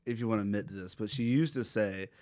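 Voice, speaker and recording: A man's voice: on the low side, fast talker, no echo, studio quality. Goofy man telling stories. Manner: goofy, animated storyteller. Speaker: podcast host. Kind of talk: casual podcast chat.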